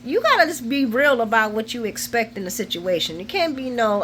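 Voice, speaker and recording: Woman in her forties, casual recap chat, fairly high voice, vivid bright tone, laughs often. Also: big pitch swings, a little fast, few pauses, a little hiss or hum. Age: 40s. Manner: chatty and colloquial, laughs often, retells scenes with feeling. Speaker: soap opera recap host.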